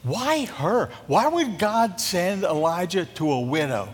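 A man preaching a sermon as a pastor, telling a Bible story in a lively, joking way and acting out what the characters say. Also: high-pitched, slow pace, long reverb tail. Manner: animated, jokey storytelling that acts out scripture quotes.

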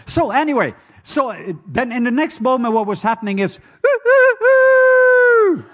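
A middle-aged man with a Norwegian accent preaching a sermon, telling stories with lively call-and-response and acting out sounds with loud hoots and croaks. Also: very high voice, brisk. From Norway. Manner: animated storytelling with call-and-response.

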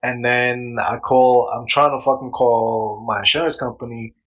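A man in casual chat, telling a story in an animated way, swearing freely and acting out what people said. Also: mid-range voice, normal speed, highs cut off.

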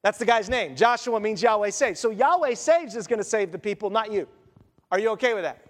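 A man preaching a sermon as pastor, conversational and animated, with quick asides to the congregation. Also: high voice, in a large hall.

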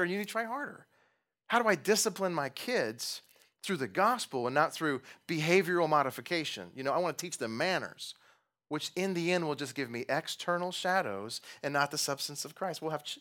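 Young man, pastor, conversational sermon, self-deprecating, asks the congregation questions, slightly high voice. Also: pushed and bright. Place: church.

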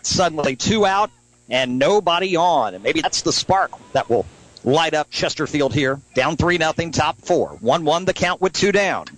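A man calling a youth softball game live as a radio play-by-play announcer, brisk and lifting on big plays. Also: on the high side, expressive, no echo, poor audio. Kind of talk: live sports play-by-play commentary.

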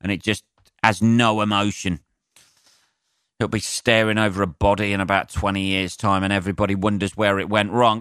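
An English comedian hosts his own podcast, delivering a solo rant full of sarcasm, swearing, rambling asides and fillers. His voice is on the low side, steady and clear, with a fairly bright, resonant tone at a moderate pace. The recording is studio quality with no room sound.

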